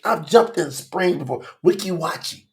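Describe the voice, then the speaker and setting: A man preaching a fiery revival sermon, shouting and exclaiming, from Florida, emotional with his nose running. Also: on the high side, animated, normal speed, creaky. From Florida, United States. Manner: shouting, preaching, Southern US vernacular speech.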